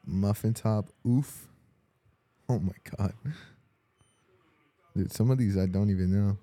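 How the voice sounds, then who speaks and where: A young man co-hosting a casual podcast chat, reacting with quick questions and slang. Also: on the low side, warm tone, no room sound. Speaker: podcast co-host.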